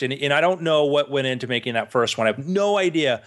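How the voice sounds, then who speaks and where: A man's voice: fairly high pitch, lively intonation, fairly quick, hardly any pauses, fairly bright tone. A man co-hosting a casual talk show, rambling with frequent restarts and eager enthusiasm. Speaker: podcast co-host. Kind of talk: casual chat.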